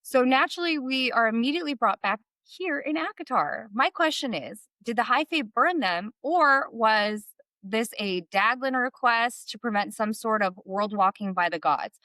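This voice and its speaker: A woman's voice: fairly high pitch, lively intonation, normal speed, bright, forceful tone, dry recording. A woman co-hosting a book podcast, chatting casually, reading passages aloud and laughing often. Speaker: podcast co-host. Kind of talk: casual book discussion chat.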